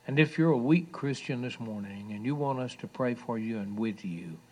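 A man preaching a sermon, emphatic, with loud raised passages and soft drops. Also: medium pitch, expressive, normal speed.

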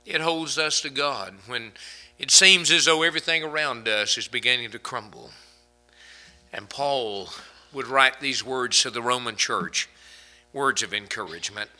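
A man preaching a sermon, swinging between loud emphatic peaks and hushed low phrases, and slowing down to draw out quoted scripture. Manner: quotes scripture in slow, drawn-out delivery.

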